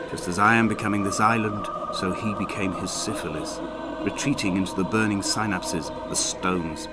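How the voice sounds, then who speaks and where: A man voicing a haunted, poetic narrator in a game, reciting slowly and gravely. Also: fairly low pitch, steady tone, natural voice. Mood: brooding. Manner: slow, grave, literary recitation. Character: haunted male narrator of a lonely island, brooding and poetic. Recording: voice-over under loud game music.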